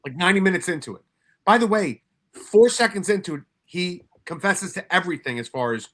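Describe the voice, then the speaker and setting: Ex-detective, middle-aged man, candid and profane, sharp-edged bright tone, workshop storyteller. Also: on the high side, lively intonation, normal speed. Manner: blunt, profane, emphatic, frequent restarts. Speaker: former homicide detective speaking at a workshop.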